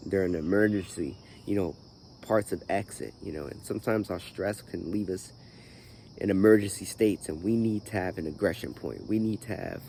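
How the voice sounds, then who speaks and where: Speaking at normal speed, a man with a low, dark-toned voice records over slight background noise. As host of his own channel, he gives a rambling, filler-heavy account of his life, "you know" after "you know," in a groggy morning voice for his vlog.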